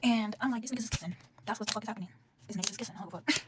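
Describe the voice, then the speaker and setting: A woman's voice: fairly high pitch, racing, background noise. A young woman telling a storytime, profane and exasperated, talking to her viewers. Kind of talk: casual storytime vlog.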